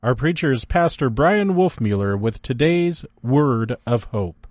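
A man announcing a radio ministry program in a measured, scripted delivery. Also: medium pitch, animated, a little mellow, no echo, studio quality.

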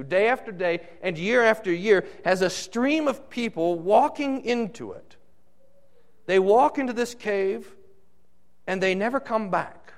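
Male pastor, preaching a sermon, slow measured delivery, animated rising and falling voice. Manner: slow, dramatic preaching with wide swings in pitch and loudness.

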